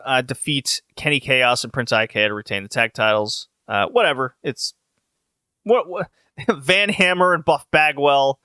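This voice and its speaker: Rambling, profane podcast host, bright voice. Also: male voice, on the high side, dry recording, studio quality. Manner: rambling, profane, many restarts. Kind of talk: casual chat recap.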